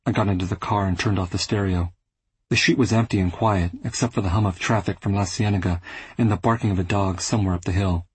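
A man reading a first-person literary audiobook, measured and restrained. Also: sits low, steady tone, husky, no echo, poor audio. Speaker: audiobook narrator.

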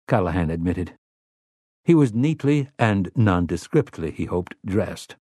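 A man narrating an audiobook in a measured, even delivery on a close mic. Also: sits low, slightly rough, no echo. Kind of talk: scripted narration.

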